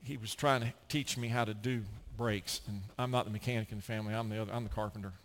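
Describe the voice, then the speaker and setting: A man's voice: on the low side, fast. A middle-aged American man preaching a sermon, telling stories and acting out the people he quotes. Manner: storytelling preacher, animated, acts out quotes. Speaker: pastor.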